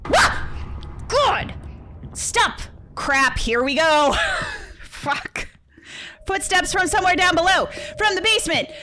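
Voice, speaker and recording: A woman's voice: very high-pitched, big pitch swings, slow pace, long pauses, bright, forceful tone. A young woman streaming, reading a horror text game aloud and reacting with yelps, swears and nervous laughs.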